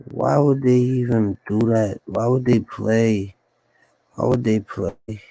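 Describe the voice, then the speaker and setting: A man's voice: mid-range voice, gravelly, warm tone, no room sound, low-quality recording. A man talking to himself on a solo livestream, rambling and repeating his lines in a musing, conspiratorial way. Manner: repetitive, musing aloud, conspiratorial.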